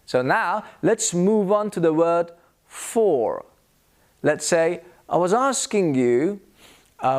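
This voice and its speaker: A man with a British accent leads an English pronunciation lesson, modelling each sound slowly and repeating every example word. His pitch sits a little high and swings widely as he speaks. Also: expressive. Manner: slow, exaggerated demonstration of sounds with repeated examples. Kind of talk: scripted lesson.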